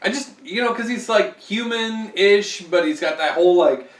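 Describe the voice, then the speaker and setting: A high-voiced man from Ohio rambles through a casual beer review, tossing out crude jokes. He sits well back from the mic in an echoey room. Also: moderate pace, recorded from a distance. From Ohio, USA. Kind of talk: casual chat. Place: room at home.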